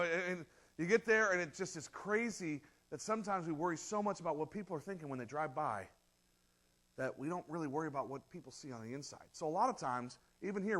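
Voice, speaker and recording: A man's voice: a little high, a bit bright. Conversational man preaching a sermon. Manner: conversational, acts out quoted voices, laughs at own jokes. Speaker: pastor.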